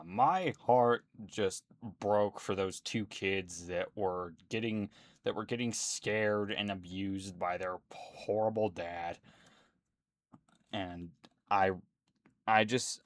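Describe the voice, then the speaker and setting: A man's voice: on the low side, takes it slowly, dry recording. A man at home, rambling indignantly as a YouTuber in casual ranting commentary, full of fillers.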